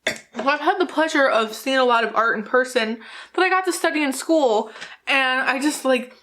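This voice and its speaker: Slightly tipsy from drinking, a New Jersey woman talks her way through a makeup vlog at a moderate pace, her high voice a bit bright against slight background noise. She rambles, giggles, and curses without restraint.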